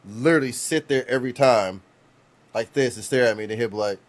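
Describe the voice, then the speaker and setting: With a medium-pitched voice and a quick pace, a podcast co-host in his thirties rambles through anecdotes, frequently starting over and cursing freely.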